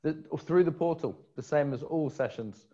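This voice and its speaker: A man's voice: a little high, normal speed, mellow, highs cut off. A man co-hosting a live online conference stream, chatty and jokey. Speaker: conference co-host. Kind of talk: casual live-stream chat.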